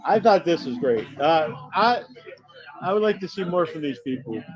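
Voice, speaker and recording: A man co-hosting a casual film festival wrap-up, halting with fillers as he recalls each short. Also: fairly high pitch, lively intonation. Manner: halting, many fillers and restarts while recalling films. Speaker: co-host reviewing festival films. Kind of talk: casual chat. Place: bar or restaurant. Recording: dull lo-fi sound in a noisy bar.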